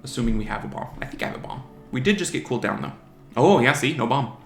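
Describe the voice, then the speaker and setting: A gaming channel host casually commentates his own online match, talking strategy aloud and teasing the opposing monsters. His medium-pitched voice is expressive and quick, with vocal fry, in a roomy home recording with faint music.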